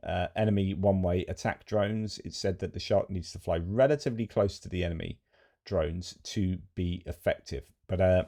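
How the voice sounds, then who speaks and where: Give me a low-voiced man doing casual military news commentary, mellow, chatty and digressive. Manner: chatty, digressive, with frequent fillers.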